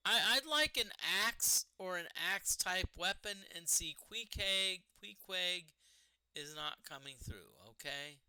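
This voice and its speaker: Chatty high-voiced man streaming a game. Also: animated, unhurried, sharp tone, smooth, low-quality recording. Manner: chatty, exclaims at the game and talks to party members. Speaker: streamer playing a retro computer RPG. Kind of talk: casual gameplay commentary.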